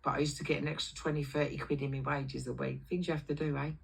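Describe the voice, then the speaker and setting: A woman's voice: sits low, little pitch movement, fast talker, gravelly, slightly rough, low-quality recording. A middle-aged woman hosting a livestream, telling brash, foul-mouthed stories about her past and acting out the voices of people in them. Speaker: livestream host. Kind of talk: casual storytelling on a livestream.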